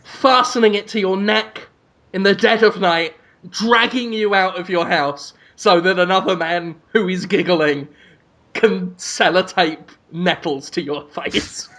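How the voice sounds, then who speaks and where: A man's voice: high-pitched, fairly even intonation, a little slow, bright, forceful tone. A man co-hosting a comedic podcast, laying out absurd mock-grand schemes with a straight face. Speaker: podcast co-host.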